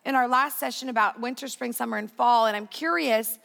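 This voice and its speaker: A woman's voice: a little high, gravelly, fairly bright tone, in a large hall. A woman hosting a panel conversation, upbeat and encouraging toward her guests. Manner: upbeat and encouraging, quick to laugh along. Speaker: host.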